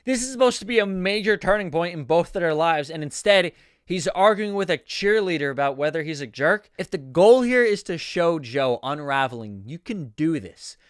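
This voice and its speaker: Candid young man with a high, smooth voice. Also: lively intonation, moderate pace, no room sound, clean studio sound. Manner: candid, stammering restarts. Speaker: screenwriting coach. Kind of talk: screenplay critique.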